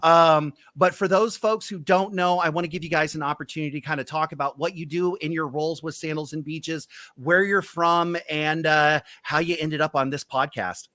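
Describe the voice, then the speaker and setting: A man's voice: a little high, fairly even intonation, moderate pace, few pauses, bright, forceful tone, dry recording. A man hosting a casual live stream as a travel agent, upbeat and playfully teasing his guests on a video call.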